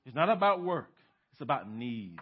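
A man's voice: medium pitch, big pitch swings, normal speed, slightly rough. Emphatic male pastor preaching, lo-fi audio. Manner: emphatic, swings from loud to hushed, rhetorical questions. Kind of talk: sermon. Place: church sanctuary. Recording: dull lo-fi sermon recording.

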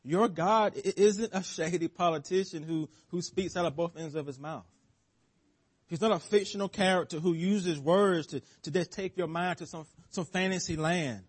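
A man delivering a sermon with a husky, slightly raised voice. He preaches emphatically, stressing words and repeating phrases, sometimes stumbling and restarting a word. His tone climbs on key points and drops low at the ends of lines. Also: moderate pace. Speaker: pastor.

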